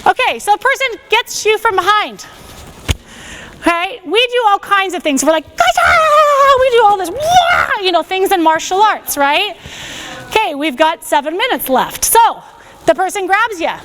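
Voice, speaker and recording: A woman teaching a self-defense class on a body microphone, giving energetic step-by-step commands and checking in with "okay?" after each one. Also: very high voice, normal speed, a little hiss or hum. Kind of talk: classroom instruction. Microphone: wearing a microphone.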